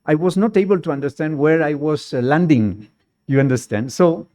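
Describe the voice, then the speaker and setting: A man recounts a personal anecdote in slow, halting, non-native English, with small grammar slips along the way. His voice is mellow and dark. He tells it in a lively way and laughs easily. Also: fairly high pitch. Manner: lively storyteller who laughs often.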